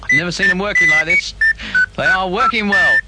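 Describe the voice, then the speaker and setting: A man's voice: sits high, brisk, heavy background noise. A man hosting a radio show, reacting in an effusive, theatrical way. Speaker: radio host. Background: music.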